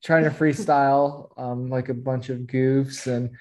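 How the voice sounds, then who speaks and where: A man, a podcast guest, recounting his experiences in an easygoing, unhurried way. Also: medium pitch, steady tone, warm tone. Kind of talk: casual interview chat.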